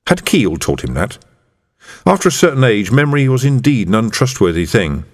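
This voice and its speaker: A male audiobook narrator with a measured storytelling delivery. His intonation moves in lively swings, and a long reverb follows the voice. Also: mid-range voice. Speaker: audiobook reader. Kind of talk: scripted narration. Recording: reverberant room.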